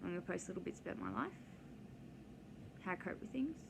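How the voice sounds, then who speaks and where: A woman's voice: lowish voice, animated, brisk, creaky. A woman, talking casually in a rambling, digressive way full of ums and side stories for her vlog. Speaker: vlogger. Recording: noisy background hiss.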